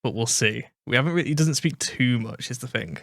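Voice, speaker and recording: A man's voice: medium pitch, fairly quick, gravelly, fairly bright tone. A man from Manchester with a British English accent, hosting a reaction video, musing aloud and second-guessing himself as he repeats words. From Manchester, England. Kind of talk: casual commentary over a clip.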